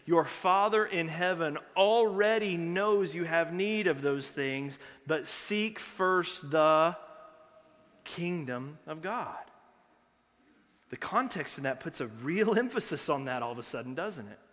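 Pastor guy preaching, bright tense voice, goes loud then quiet, big echoey church hall. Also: on the high side. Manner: dynamic preaching, swinging between loud urgency and hushed intensity. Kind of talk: sermon. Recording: long hall reverb.

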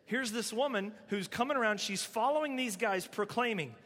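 A man preaching a sermon, telling a story in a conversational, animated way. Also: high voice, normal speed, big-room sound. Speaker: pastor.

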